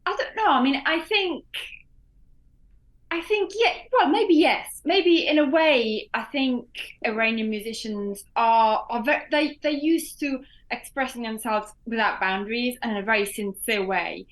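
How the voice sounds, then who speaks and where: A woman musician talks in an interview, thinking aloud and restarting her sentences as she goes. Her voice sits fairly high. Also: unhurried. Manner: hesitant, thoughtful, often restarts. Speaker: musician guest. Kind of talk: casual interview.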